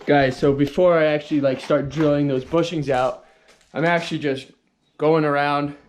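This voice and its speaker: A man's voice: on the high side, fairly even intonation, moderate pace, slight background noise. A young man who runs a car repair channel, chatting casually and thinking aloud as he works under a car. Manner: talks while working, thinks aloud. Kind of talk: casual hands-on explanation.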